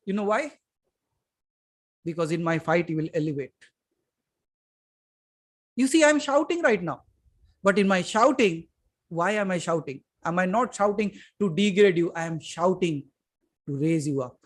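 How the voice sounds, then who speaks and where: A man with an Indian English accent giving a spiritual satsang talk, emphatic, moving from loud to hushed and putting questions straight to his listeners. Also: high-pitched, animated, moderate pace, long pauses. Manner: addresses listeners directly with questions. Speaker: spiritual teacher. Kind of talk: satsang talk to a live audience.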